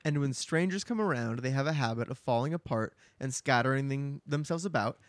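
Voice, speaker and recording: A man's voice: mid-range voice, a little fast, no room sound. A man co-hosting a podcast, retelling a book in casual chat with plenty of "like" fillers. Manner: chatty, heavy use of filler "like". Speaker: podcast co-host.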